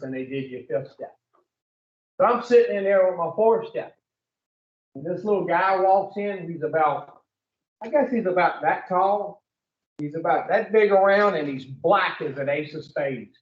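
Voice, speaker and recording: A man's voice: high-pitched, echoey room, distant mic, dull audio. A man giving a blunt, profane recovery talk to a group, telling his story and putting questions to the room. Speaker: recovery speaker.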